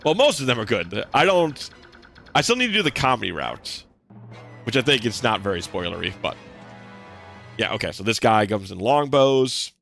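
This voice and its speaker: A young man talking through a video game stream in a loose, rambling way, full of restarts and "like"s. His pitch swings lively up and down as he chats. Soft game music plays faintly behind him. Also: moderate pace, creaky, long pauses. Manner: rambling, chatty, lots of fillers and restarts. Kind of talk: casual gameplay commentary.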